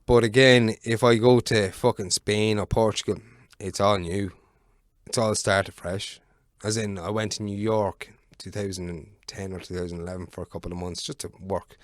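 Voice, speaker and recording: A man's voice: fairly low pitch, flat delivery, normal speed, dry recording, studio quality. A man, a podcast guest telling rambling, sweary stories in casual chat.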